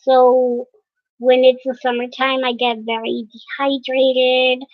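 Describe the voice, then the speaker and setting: A young woman vlogging casually to camera, hesitant and pausing often with fillers. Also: high-pitched, little pitch movement, no room sound, soft background music. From United States. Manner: hesitant, many fillers and pauses. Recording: dry, dull lo-fi sound.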